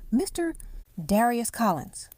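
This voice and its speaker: A woman reading as a calm, steady nurse. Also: fairly high pitch, slow, no echo, pitched above the performer's own voice, exaggerated voice. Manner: even, professional phone manner.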